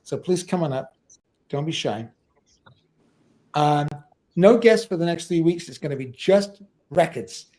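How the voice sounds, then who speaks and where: Man, middle-aged, livestream host, casual, rambling, fillers, slightly higher voice. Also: lively intonation, measured pace, pauses often, darkish tone. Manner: chatty, rambling with many fillers.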